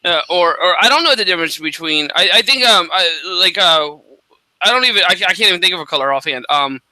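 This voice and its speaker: Male co-host, fairly high and very bright voice, dry close sound, halting chat full of restarts. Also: animated, no room sound, rough recording. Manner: halting, many restarts and fillers. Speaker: podcast co-host. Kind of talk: casual chat.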